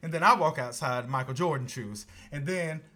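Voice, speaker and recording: A man co-hosting a podcast, telling a story in casual chat with lots of laughter and sudden high-pitched outbursts. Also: normal speed, a little hiss or hum. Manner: animated, laughing storyteller, voice jumps high when excited. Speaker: podcast co-host.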